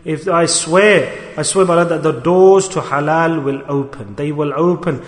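A man preaching a sermon in an impassioned, pleading way, his voice swinging between loud and soft. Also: fairly high pitch, steady tone, normal speed. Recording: echoey hall.

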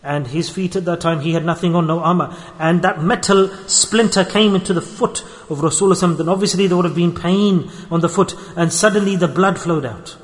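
A man telling a story as a sermon, passionate and rising to anguished pleas, then dropping to soft, hushed asides. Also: high-pitched, fast, few pauses, big-room sound. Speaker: preacher.

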